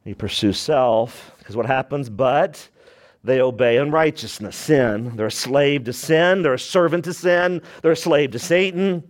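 A pastor preaches a sermon in a mid-range voice at a measured pace. He is emphatic, moving between loud and hushed delivery and asking his congregation rhetorical questions.

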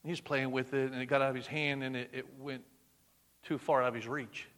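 Animated preacher man, bright tone. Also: mid-range voice, a little fast. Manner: animated, swings between loud emphasis and hushed near-whispers. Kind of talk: sermon.

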